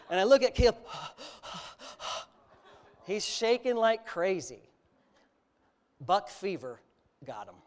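A middle-aged man preaching a sermon, telling a personal story and then exhorting his listeners boldly, with rising loud emphasis. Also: high-pitched. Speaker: pastor.

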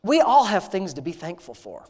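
With a high voice that swings hugely in pitch and carries a breathy edge, a man prays spontaneously for a congregation at a moderate pace. He sounds heartfelt and intimate, conversational and repetitive in his praise.

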